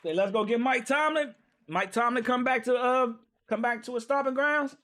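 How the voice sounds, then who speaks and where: A man hosts a live football reaction stream. His voice sits very high and sounds bright and forceful. He rants, swears and cracks up as he talks straight to his viewers. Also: moderate pace. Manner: excitable, profane, laughing and ranting to viewers.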